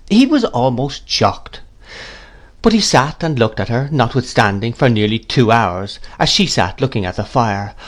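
A man reading a classic novel aloud in a measured, deliberate narration. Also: on the low side. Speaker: audiobook reader.

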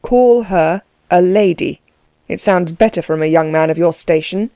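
A woman voicing a composed aristocratic landowner, speaking in a measured, coolly condescending way. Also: fairly low pitch, dark tone, no echo, natural voice. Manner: cool, measured, dry.

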